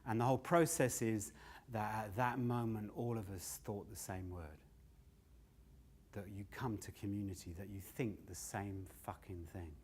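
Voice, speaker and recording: A man's voice: fairly low pitch, steady tone, normal speed, a little mellow, husky. An older man telling stories on stage, loose and sweary, often laughing at his own tales. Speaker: storyteller and comedian. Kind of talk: live standup storytelling.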